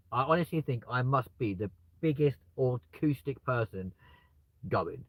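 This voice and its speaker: A man's voice: medium pitch, husky, low-quality recording. A British man chatting live from his car, joking and laughing at himself. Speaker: live streamer. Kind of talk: casual live-stream chat. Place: in a car with the window open.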